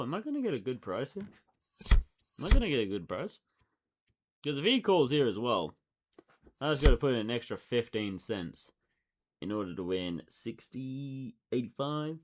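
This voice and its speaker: With noise in the background, a man comments casually on his own online poker play. He thinks aloud, alternating between excitement and low muttering.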